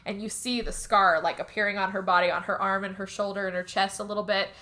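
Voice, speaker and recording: A woman's voice: mid-range voice, steady tone, quick pace, bright, forceful tone. A woman co-hosting a podcast, casually retelling a movie plot in a rambling way, full of filler words. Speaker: podcast co-host.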